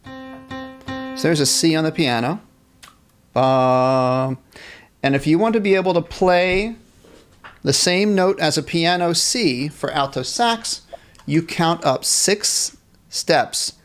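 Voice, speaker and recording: A man with a slightly higher voice leads a live online band class. He cheerfully answers questions from the chat and keeps encouraging the players. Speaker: music teacher.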